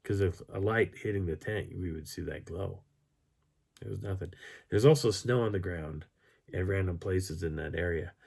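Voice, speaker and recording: A hoarse man telling a camping story in a casual, animated way, chuckling as he goes. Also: low voice, normal speed. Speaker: channel host.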